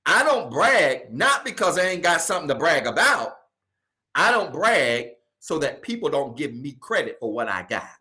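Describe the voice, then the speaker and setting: A male pastor preaching a sermon in a casual, colloquial way, repeating key phrases and swinging from loud emphasis to soft asides. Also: a little high, very animated, moderate pace.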